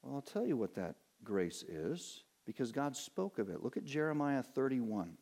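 A man preaching a sermon as pastor. He poses questions to his listeners and answers them, drawing out key words and climbing higher and stronger when he drives a point home. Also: big pitch swings, gravelly, a little mellow. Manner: earnest preaching, rising in pitch and force for emphasis, slows on key words.

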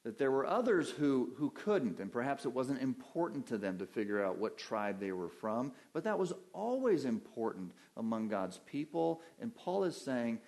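A man's voice: mid-range voice, big pitch swings, moderate pace, hardly any pauses, a little mellow. A man preaching an evening Bible-teaching sermon from a church pulpit, in a conversational teaching manner, putting questions to his listeners and answering them.

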